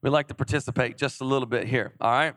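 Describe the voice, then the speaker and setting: A young adult male pastor preaching a lively sermon, emphatic, repeating phrases and prompting his audience to respond. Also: medium pitch, quick pace, no room sound, studio quality.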